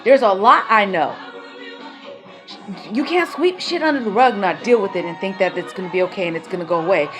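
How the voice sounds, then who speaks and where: A woman's voice: medium pitch, a little fast. A woman venting in a raw personal vlog, heated and confrontational, swearing as she airs her grievances. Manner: heated, confrontational, swearing, rising and falling in intensity. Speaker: vlogger. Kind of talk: emotional personal vlog rant. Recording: music playing behind the voice.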